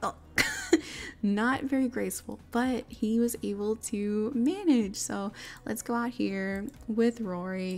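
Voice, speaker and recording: A bubbly young woman talks through her life-sim game play in a chatty, giggly way. Her voice sits at an ordinary middle pitch, relaxed and conversational. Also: vocal fry. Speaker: game narrator.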